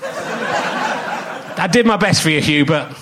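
A man's voice: high voice, wildly swooping pitch, takes it slowly, a bit bright, slight background noise. A man with an English accent hosting a comedy podcast live on a theatre stage, rambling and mocking himself in a sarcastic, joking way. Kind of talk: live stand-up style podcast intro.

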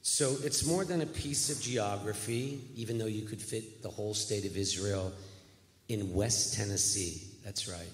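Rabbi guy talking in a church, kinda low voice, big echoey hall. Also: a little slow. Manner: folksy, earnest, self-deprecating. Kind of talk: guest speech in a church sanctuary. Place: church sanctuary.

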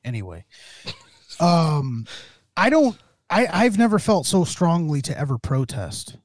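A man's voice: on the high side, big pitch swings, measured pace, no room sound. A man co-hosting a podcast, talking in a casual, rambling way with many restarts. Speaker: podcast co-host.

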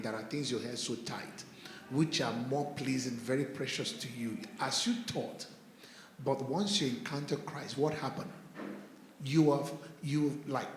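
A man's voice: mid-range voice, a little hiss or hum. Fervent man preaching in an echoey room. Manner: builds from measured to loud and fervent. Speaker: church speaker. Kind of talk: impassioned sermon-style talk.

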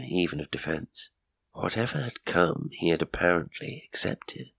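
Low, gravelly male narrator for a ghost story, measured, dry close recording. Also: dry recording. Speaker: audiobook narrator.

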